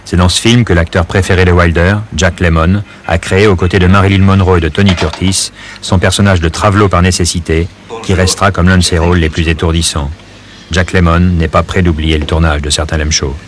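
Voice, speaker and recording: Deep, brisk male narrator. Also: flat delivery, slight background noise. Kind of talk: scripted TV narration.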